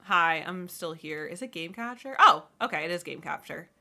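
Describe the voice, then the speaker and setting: A woman's voice: on the low side, animated, moderate pace, vocal fry, sharp tone. A woman streamer casually chatting to her viewers while watching a match, giggly and chatty. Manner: chatty, giggly, apologetic asides to chat. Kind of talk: casual livestream chat.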